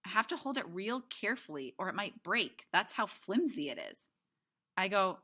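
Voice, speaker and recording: Woman teacher, read-aloud to class, bright lowish voice, chatty asides. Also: animated, normal speed. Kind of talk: reading a novel aloud to a class.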